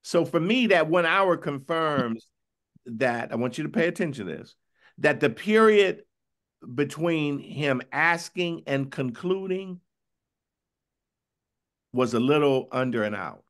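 A bishop preaching a Bible study sermon in a conversational, questioning way, often asking "right?" and reading scripture slowly. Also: male voice, fairly high pitch, expressive, fairly bright tone. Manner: conversational, questioning, tag "right?" after points; reads scripture slowly and drawn out.

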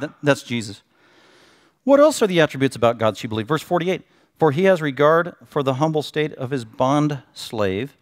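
A middle-aged man giving a sermon as pastor, moving between low, quiet teaching and loud, emphatic preaching. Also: sing-song, normal speed. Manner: acts out a self-pitying listener in a strained high voice. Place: church sanctuary.

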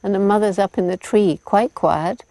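A woman's voice: mid-range voice, moderate pace, mellow, dry recording, low-quality recording. A woman in her seventies, interviewed outdoors in a forest, who laughs often as she tells stories. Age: 70s. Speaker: interviewee, primatologist. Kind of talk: casual interview answers.

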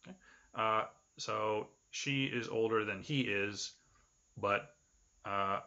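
A man with a fairly low but bright, forceful voice teaches an English grammar lecture. He explains step by step, with frequent "okay" and "uh" between his points. The recording sounds dull and lo-fi. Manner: explains patiently, filling pauses with "okay" and "uh".

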